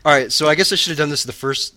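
A man's voice: on the high side, racing, sharp tone, no echo. A man co-hosting a casual podcast, talking in a jokey manner and laughing often. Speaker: podcast co-host. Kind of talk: casual chat.

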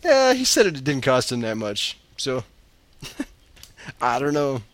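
A man hosting a podcast, chatting in a relaxed way, laughing and trailing off with fillers. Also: medium pitch, takes it slowly, no room sound. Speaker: podcast host. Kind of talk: casual chat.

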